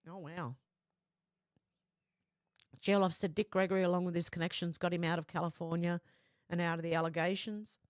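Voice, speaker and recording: A woman's voice: lowish voice, moderate pace, long pauses, no echo, studio quality. A woman hosting a live stream, reading viewers' comments aloud and chatting back to them casually. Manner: chatty, reads comments in a flat running voice with asides.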